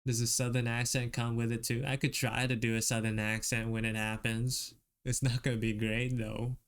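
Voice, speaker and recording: A man streaming while he draws, chatting casually with viewers in a relaxed way and chuckling often. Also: medium pitch, normal speed, clean tone.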